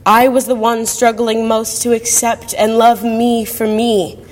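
A woman's voice: a little high, flat delivery, a little slow. A woman telling a personal story as a monologue on stage, reflective in manner. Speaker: monologue performer. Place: university event hall. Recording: long hall reverb.

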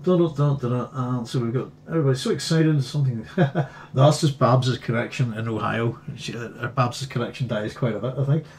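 A man's voice: mid-range voice, fairly even intonation, moderate pace, slight background noise. Chatty Northern Irish man hosting. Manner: chatty, reads viewer comments aloud and hums between them. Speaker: host. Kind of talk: live stream chat.

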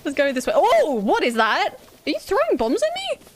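A gaming streamer chats casually while playing, giggling often and talking back to the on-screen characters. Her high voice swoops wildly in pitch at a normal speed, with soft music behind her.

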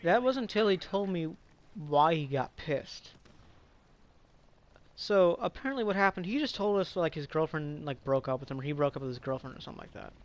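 Recalling his school days, a vlogger rambles through a casual story packed with fillers and swearing, frequently stumbling and starting over. His voice is on the high side, animated, and a little fast, with slight background noise.

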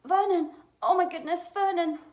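A woman's voice: very high voice, fairly even intonation, moderate pace, darkish tone, pitched above the performer's own voice. A woman voicing a fussy, anxious middle-aged aunt with a quivering voice, read aloud in an echoey room.

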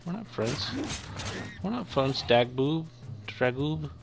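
A man's voice: medium pitch, animated, takes it slowly, creaky, over music. A young man giving playful let's-play commentary, chatting to the creatures on screen as he plays. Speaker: gaming YouTuber.

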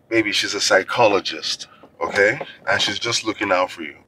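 An actor playing a widowed father who gently coaxes his young daughter, with a soft, pleading manner. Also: on the low side, measured pace, noisy background, natural voice. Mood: coaxing. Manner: soft, coaxing, pet names. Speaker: single father. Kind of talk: film acting.

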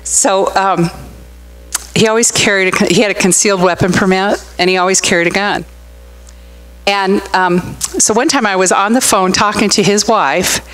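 A woman's voice: mid-range voice, a bit bright, poor audio. A middle-aged woman pastor giving a conversational sermon, telling stories and asking the congregation questions. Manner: chatty, storytelling, asks the room questions.

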